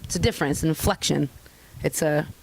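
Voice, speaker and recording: A young woman chatting casually as an interview guest, candid and profane, telling stories with lively put-on voices. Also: deep voice, brisk, creaky, slightly rough, poor audio. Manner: candid, profane, animated storytelling. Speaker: guest artist.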